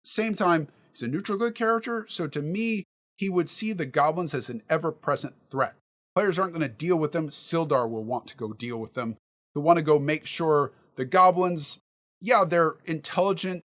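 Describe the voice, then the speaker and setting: Dungeon master, male, casual teaching tone, thinks out loud, slightly high voice. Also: normal speed. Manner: thinks aloud, reasons through examples. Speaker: dungeon master giving prep advice. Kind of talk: casual instructional talk.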